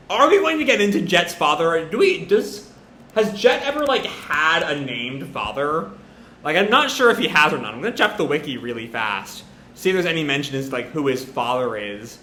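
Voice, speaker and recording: A man rambles through a casual live reaction to a comic, with plenty of fillers. His voice sits a little high and sounds bright. The recording has a roomy echo. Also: sing-song, moderate pace, slight background noise. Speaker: comic reviewer.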